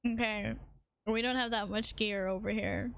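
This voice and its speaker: A woman's voice: medium pitch, steady tone, fairly bright tone, no echo. A woman streaming a game, chatting casually with her viewers and her cat and humming little tunes in between. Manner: talks to chat and her cat, quick self-deprecating asides. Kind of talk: casual live-stream chat while gaming.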